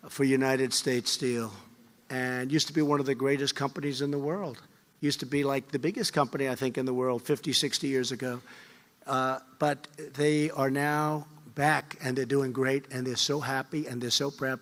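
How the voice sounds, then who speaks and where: A man's voice: fairly high pitch, fairly bright tone. A man in his seventies giving an off-the-cuff campaign speech, boastful and emphatic, repeating his points over and over. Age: 70s. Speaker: politician. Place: large event hall. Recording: reverberant hall with faint crowd.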